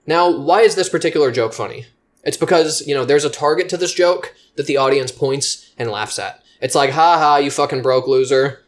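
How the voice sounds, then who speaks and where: A man breaks down how jokes work in a casual, rambling manner, cursing constantly and happily mocking himself. His voice sits at an everyday middle pitch. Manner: profane, swears freely; loose and rambling, self-deprecating. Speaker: comedy writing teacher. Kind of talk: casual spoken explanation.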